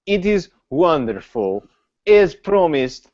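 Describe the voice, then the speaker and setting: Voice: mid-range voice, big pitch swings, slow, a little mellow, muffled recording, pitched above the performer's own voice. A player voicing a proud, condescending foreign male noble who speaks in broken English and drops his articles. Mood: grandly approving.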